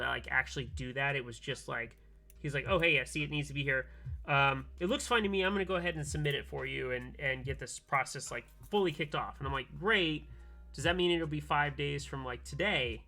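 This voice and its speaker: A man streaming from his workbench, telling a long story in animated casual chat and acting out both sides of a phone call. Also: on the high side, brisk, soft background music. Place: home workbench, soldering keyboards.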